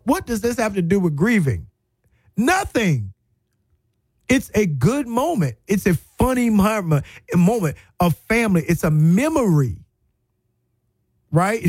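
Animated male radio host. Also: high voice, no echo. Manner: animated, emphatic, folksy, repeats phrases. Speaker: radio talk show host. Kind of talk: storytelling monologue. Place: radio studio.

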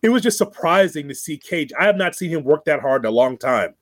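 Man, fairly high voice, dry close sound, casual podcast chat, animated storyteller. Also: fairly quick, no echo. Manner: animated storyteller, laughs often, repeats words. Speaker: wrestling podcast co-host.

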